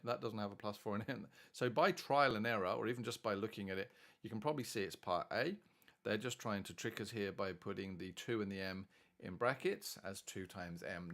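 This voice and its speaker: A man's voice: fairly low pitch, vocal fry, a bit bright. A man teaching maths, chatting and thinking aloud as he works through exam problems. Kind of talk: worked-solution maths tutorial.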